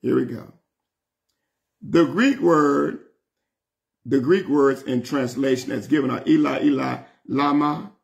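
A man teaching a Bible study as a bishop, reading scripture slowly and breaking into excited, high-pitched bursts. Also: vocal fry, lo-fi sound.

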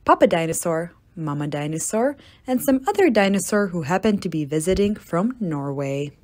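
A woman reading a children's story aloud, playful, with deadpan asides. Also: on the low side, normal speed. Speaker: storybook reader.

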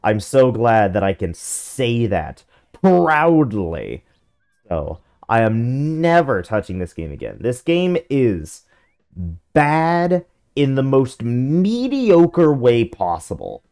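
A man's voice: mid-range voice, very animated, slow pace, a little mellow, clear, resonant tone. A young man casually commenting on a video game, reading its text aloud and bluntly complaining about it. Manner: reads in-game text aloud with offhand jokes; blunt, grumbling critique. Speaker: gameplay commentator.

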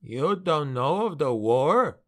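A man's voice: on the high side, sing-song, slow, a bit bright, exaggerated voice. A man doing a bitter dwarf harbor master. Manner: grumbling, bitter.

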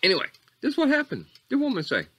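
An eccentric, rambling coach character, played by a man in a comedy monologue. His pitch swings wildly from squeaky highs to low mutters as he wanders off topic. The tone stays bright and pushed throughout. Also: huge pitch swings, quick pace, heavily acted.

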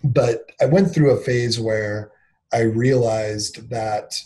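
A candid man in his thirties tells a personal story as an interview guest, talking in loose, filler-heavy runs. He acts out what people said to him, with a voice of middling pitch. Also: slow, dark tone, rough recording. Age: 30s. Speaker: interview guest, company founder.

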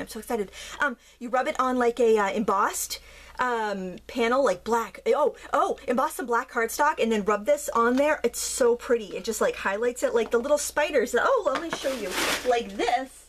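A woman in her thirties unboxing and demonstrating art supplies, gushing and gasping with excitement, full of fillers. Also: on the high side, moderate pace. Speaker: craft YouTuber.

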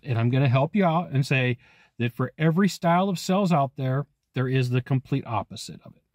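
Energetic man hosting a sales talk. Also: on the high side, dry recording, studio quality. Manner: energetic, emphatic, addresses viewer directly with frequent "okay?". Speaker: sales trainer and channel host. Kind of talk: animated solo teaching talk to camera.

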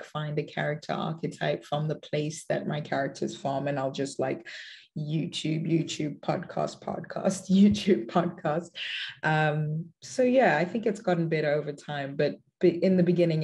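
A woman's voice: low voice, vocal fry, darkish tone. A woman with a South African accent, a guest in a casual interview, telling stories in an earnest, reflective way. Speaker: actress guest.

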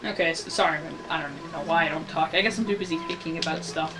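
A man's voice: fairly high pitch, steady tone, quick pace. Male let's-play commentator, chatty and ranty, with audible background noise in the recording. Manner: rambling, ranting about the game. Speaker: gameplay commentator.

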